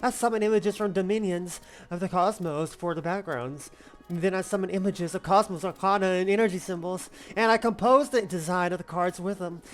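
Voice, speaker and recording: A woman voicing a calm, world-weary witch in game dialogue, speaking in a subdued, measured way. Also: fairly low pitch, faint music behind, lightly acted. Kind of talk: reading game dialogue aloud.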